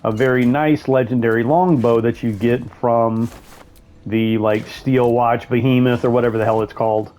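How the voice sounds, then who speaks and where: A man's voice: mid-range voice, fairly even intonation, normal speed, darkish tone. A man giving casual let's-play commentary, rambling and thinking aloud as he plays, correcting himself as he goes. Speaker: gameplay commentator.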